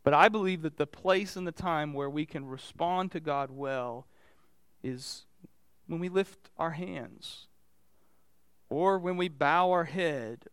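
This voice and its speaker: Male pastor, conversational sermon, smooth voice on the higher side, dry close sound. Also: slow pace, fairly bright tone, no echo. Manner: conversational, asks the congregation direct questions.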